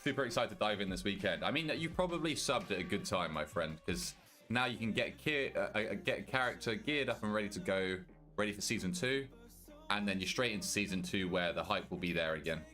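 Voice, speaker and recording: British guy streaming, lowish voice, swears a lot and banters with chat, faint music behind. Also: sharp tone. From Britain. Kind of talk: casual live-stream chat. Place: walk-in wardrobe at home.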